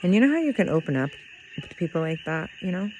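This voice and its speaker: Low-ish woman rambling earnestly to her viewers, lots of little laughs, bit of hiss in the background. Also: very animated, fast, a little mellow, dull audio. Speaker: vlogger. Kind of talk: heartfelt personal talk to camera. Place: in Puerto Rico.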